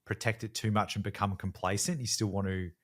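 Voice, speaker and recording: Man, fairly low voice, reflective, joking, casual swearing. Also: steady tone, brisk. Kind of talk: casual chat.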